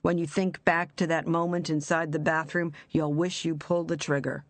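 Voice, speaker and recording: A man's voice: fairly high pitch, level tone, moderate pace, no room sound, natural voice. A narrator voicing a cold man who speaks in a taunting, knowing way.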